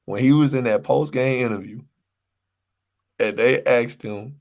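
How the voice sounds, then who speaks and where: Animated, ranting man on a podcast. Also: medium pitch, unhurried. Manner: animated ranting, repeats himself, laughs often. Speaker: podcast co-host. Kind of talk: casual sports chat.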